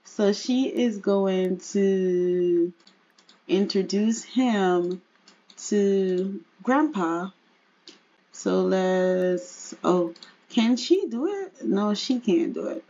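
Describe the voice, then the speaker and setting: Woman game streamer, slow chatty commentary, husky voice. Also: mid-range voice, expressive, mellow, dull audio. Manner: chatty, laughs often, addresses viewers. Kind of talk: casual gameplay commentary.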